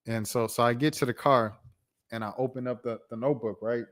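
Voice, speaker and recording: A man in his thirties tells a story on his home stream in a relaxed, slang-filled way. His voice sits in an ordinary middle pitch, and he keeps the telling lively with quick laughing asides. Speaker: streamer host. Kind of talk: casual storytime.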